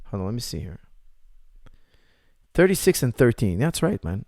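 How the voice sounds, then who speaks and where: A man's voice: mid-range voice, very animated, normal speed, darkish tone, no room sound, clean studio sound. A man, an MMA coach, answering viewer questions in a casual live chat, repeating points for emphasis.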